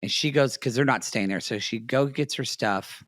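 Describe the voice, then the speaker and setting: A man's voice: medium pitch, moderate pace, a bit bright, dry recording, clean studio sound. A man co-hosting a podcast, recapping reality TV in blunt, chatty casual talk. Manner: chatty and blunt, agrees readily, swears casually. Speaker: podcast co-host.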